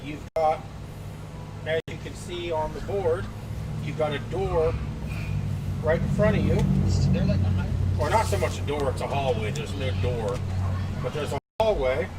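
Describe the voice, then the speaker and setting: A man's voice: on the high side, unhurried, pauses often. A man narrating scenes as game master of a tabletop game, recorded outdoors. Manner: lively descriptive narration. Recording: distant mic, background noise outdoors.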